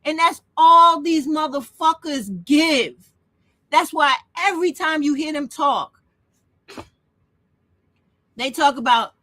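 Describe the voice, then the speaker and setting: A woman's voice: high-pitched, expressive, slow, long pauses, sharp tone, no echo. A woman hosting her own channel, delivering a blunt, profane, emotional monologue. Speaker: channel host. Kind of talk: impassioned monologue rant.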